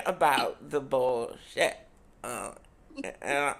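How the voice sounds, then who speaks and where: A woman's voice: fairly low pitch, animated, measured pace, vocal fry, a bit bright. A woman co-hosting a casual podcast, sassy and profane, calling everyone "honey" as she chats. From United States. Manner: sassy, says "honey" constantly, swears freely. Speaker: podcast co-host.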